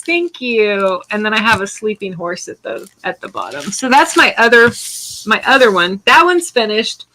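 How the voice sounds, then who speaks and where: A woman's voice: a little high, expressive, moderate pace, bright, forceful tone, a little hiss or hum, rough recording. A middle-aged woman chatting casually while she paints on a live stream, rambling with many restarts and answering viewer comments.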